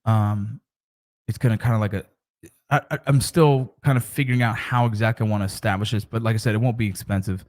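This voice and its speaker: A man's voice: lowish voice, steady tone, fast talker, a little mellow. A middle-aged man and father talking casually to camera about mentoring, in a rambling, conversational way with frequent restarts.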